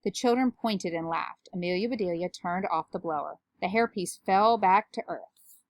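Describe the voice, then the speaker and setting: A woman reading a children's picture book aloud to kids with steady, clear narration. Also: lowish voice, normal speed, slight background noise. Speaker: parent reader.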